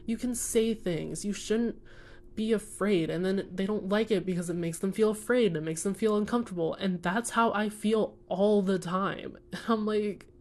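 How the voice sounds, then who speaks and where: A woman's voice: medium pitch, normal speed, a little mellow. A young woman chatting casually about books she read, earnest and rambling with lots of fillers. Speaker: book vlogger. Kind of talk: casual chat while coloring.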